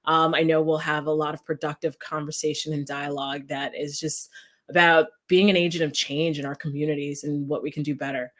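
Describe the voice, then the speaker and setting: A young woman from New York, a guest giving earnest, measured interview answers. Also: deep voice, little pitch movement, a bit bright. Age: young adult.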